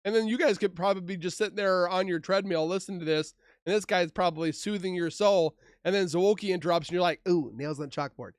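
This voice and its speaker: A man co-hosting a podcast, chiming in with quick teasing commentary. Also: high-pitched, fairly even intonation, no echo, clean studio sound. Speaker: podcast co-host. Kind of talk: casual chat.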